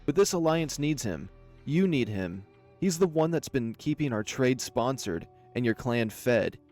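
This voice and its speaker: A man's voice: mid-range voice, unhurried, soft background music, lightly acted. Stern grizzly bear general, male, firm and urgent, voiced by a male narrator. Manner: firm, pleading to calm.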